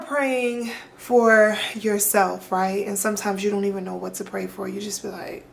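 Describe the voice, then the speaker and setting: A young woman chats straight to her camera like she's talking to her girls, loose and slangy, with lots of asides and repeats. Her voice sits at a middling pitch for a woman and her delivery is relaxed and personal. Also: normal speed, gravelly, hardly any pauses. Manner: chatty, animated, heavy colloquial slang. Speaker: lifestyle vlogger. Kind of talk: casual chat to camera.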